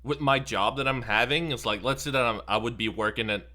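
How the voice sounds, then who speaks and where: Man, bright rambling voice. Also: medium pitch, brisk. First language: French. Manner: rambling, full of fillers. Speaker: podcast panelist. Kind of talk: casual chat.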